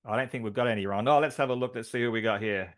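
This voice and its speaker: A man's voice: mid-range voice, rapid-fire, fairly bright tone. A man co-hosting a team call, announcing award winners with enthusiastic, filler-heavy talk.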